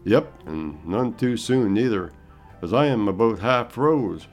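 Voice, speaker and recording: A man's voice: on the low side, lively intonation, a little slow, darkish tone, faint music behind, pitched above the performer's own voice. Man doing a grumbling old frontier guide. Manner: folksy drawl, complaining.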